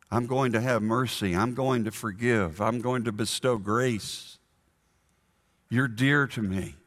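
A man's voice: lowish voice, big-room sound. A man voicing a forgiving elderly father who welcomes his son home, speaking tenderly and emphatically.

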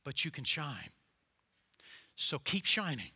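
A man preaching voices a wise old farmer who gives gentle, soft-spoken counsel to a troubled friend. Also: on the high side, sing-song, slow pace, husky, full character voice. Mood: calm.

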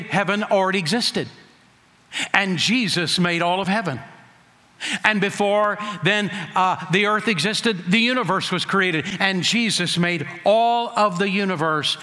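Man, pastor, sermon, high-pitched, emphatic, long hall reverb. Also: sharp tone. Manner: emphatic preaching with slowed, stressed phrases and rhetorical questions.

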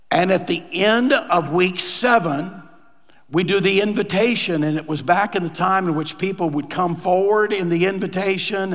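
A man's voice: high-pitched, long reverb tail. A male pastor telling a story in a sermon, acting out the lines he quotes in a conversational way.

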